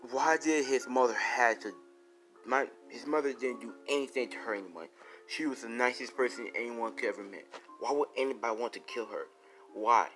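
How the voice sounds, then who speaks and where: A man's voice: mid-range voice, normal speed, a bit bright, soft background music, close to an everyday voice. A man voicing a grief-stricken teenage boy hero who pleads and sobs. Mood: grieving. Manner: pleading, sobbing.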